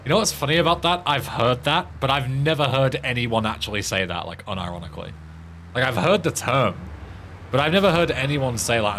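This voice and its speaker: A man's voice: medium pitch, expressive, brisk, fairly bright tone, a little hiss or hum. A young man from northern England with a northern English accent, streaming a game and bantering with chat in a dry, sarcastic, sweary way. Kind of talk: casual gameplay commentary.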